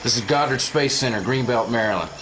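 A man's voice: mid-range voice, quick pace, background noise, close to an everyday voice. An actor playing a male military officer who gives a casual, wry mission briefing in a game cutscene.

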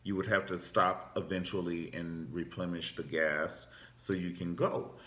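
A man vlogging as a stand-up comic, giving a profane comedic commentary rant with big, animated swings in pitch. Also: unhurried. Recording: roomy echo.

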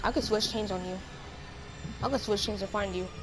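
A woman's voice: medium pitch, fairly even intonation, brisk, soft background music. A woman trash-talking casually with a friend during an online game. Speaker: gamer. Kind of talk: casual gaming chat.

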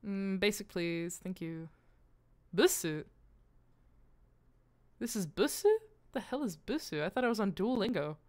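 This woman speaks at a medium pitch while streaming live and chatting casually with her audience. She's easily excited and quick to curse, with abrupt loud outbursts, and she repeats foreign phrases aloud as she practices them.

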